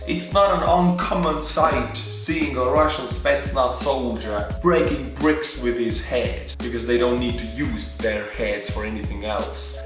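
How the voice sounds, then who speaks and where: A man with an Estonian accent commenting on a reaction video, joking and mocking, with sudden startled outbursts. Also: medium pitch. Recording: very echoey room, mic at a distance, music behind.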